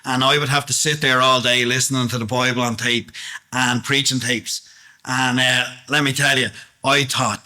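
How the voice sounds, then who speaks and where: A man's voice: medium pitch, little pitch movement, moderate pace, sharp tone. A man giving a plain-spoken, earnest testimony sermon, often asking the congregation questions.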